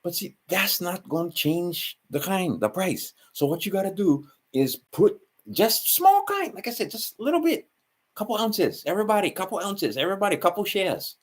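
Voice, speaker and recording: Husky man with a Hawaiian Pidgin accent. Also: high voice, sing-song, normal speed. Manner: meandering, self-correcting, asides to the listener. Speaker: channel host. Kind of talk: rambling solo monologue.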